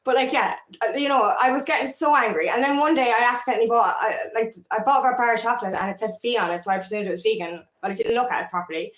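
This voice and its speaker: A woman's voice: fairly high pitch, fast, hardly any pauses, roomy sound, poor audio. A woman with an Irish accent, a feminine empowerment coach talking candidly in a casual vlog, rambling and swearing freely.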